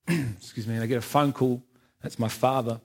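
A man's voice: mid-range voice, fairly even intonation, normal speed, creaky. A man giving a personal church testimony, frank and self-mocking, often laughing at himself. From England. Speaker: testimony speaker.

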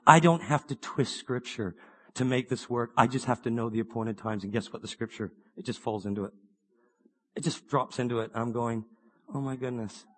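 A man preaching a sermon, swinging between excited bursts and quiet, earnest asides, with many rhetorical questions. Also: medium pitch, normal speed.

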